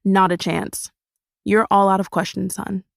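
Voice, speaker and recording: A woman's voice: medium pitch, flat delivery, measured pace, vocal fry, no room sound, studio quality. A woman voicing a cold, condescending young man. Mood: curt. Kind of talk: audiobook character voice.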